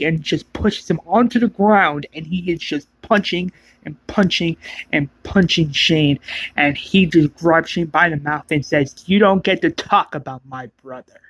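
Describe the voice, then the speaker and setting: A man retelling a fan-made survival story in a loose, rambling manner. His voice is husky and his pace slow. He narrates scenes casually, describing the action as he goes. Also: a little high, fairly even intonation, a bit bright, dry recording.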